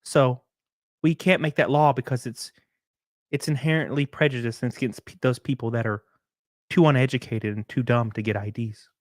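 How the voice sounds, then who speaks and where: A man's voice: medium pitch, fairly even intonation, normal speed, no room sound, clean studio sound, lightly acted. Man mimicking a whiny college woman. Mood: mocking sanctimonious. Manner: mocking, sanctimonious, breathy gasps. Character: whiny self-righteous young college woman.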